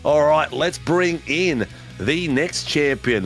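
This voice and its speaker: A man with a fairly high, expressive voice speaks slowly over soft background music. He hosts post-race interviews for a sim racing broadcast as a hyped, chatty announcer who says "mate" a lot.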